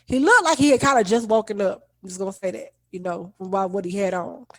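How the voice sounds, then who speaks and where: A woman's voice: mid-range voice, quick pace, dry recording. A woman co-hosting a podcast, telling a story in casual, colloquial chat and acting out the people she quotes. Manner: animated, colloquial, acts out quoted voices. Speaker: podcast co-host.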